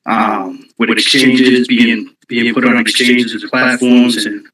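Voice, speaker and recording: A man speaks into his phone at a middle pitch, out of breath and halting, trailing off into ums and restarts. His voice sounds roomy, with a clear echo around it. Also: fairly even intonation, a bit bright. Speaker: community member on a live audio space. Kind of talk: casual call-in talk.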